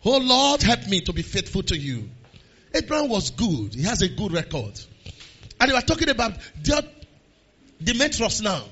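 A Nigerian man preaches in a church service, his voice high, very bright and husky. He moves between quiet, plain talk and shouted prayer, with a lively, swooping pitch. The recording sounds dull and lo-fi. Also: moderate pace. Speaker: pastor. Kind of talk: sermon with prayer.

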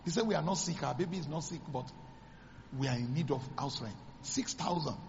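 A Nigerian man, a pastor, preaching a sermon as dramatic storytelling, acting out the dialogue with sudden high exclamations. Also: a little fast, a little mellow, long reverb tail, dull audio, a little hiss or hum.

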